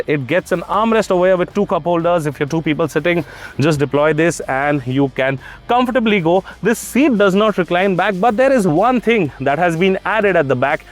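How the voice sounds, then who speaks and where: A man reviewing a car on the spot, chatty, pointing out details with frequent fillers. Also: on the high side. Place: at a parked car, on site.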